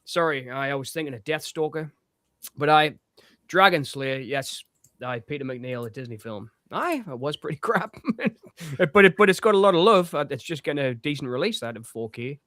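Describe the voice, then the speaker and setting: A man's voice: a little high, animated, normal speed, a bit bright, no room sound. A man co-hosting a casual film chat, talking enthusiastically and rambling with frequent laughter. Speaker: co-host.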